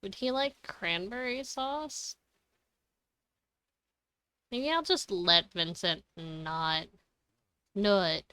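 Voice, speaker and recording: Young adult female streamer, loose rambling chat full of giggles and cussing; bright, dry close sound. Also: mid-range voice, drawn-out words, pauses often, clean tone, no room sound. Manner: giggly, swears freely; rambling, self-correcting. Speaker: game streamer. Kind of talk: casual live-stream chat.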